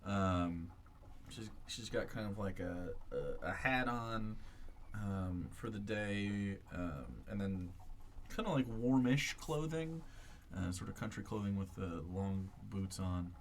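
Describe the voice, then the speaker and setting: A man working as game master, narrating a tabletop game in a halting, unscripted way with frequent pauses and restarts. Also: on the low side, slight background noise. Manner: halting, many fillers and restarts.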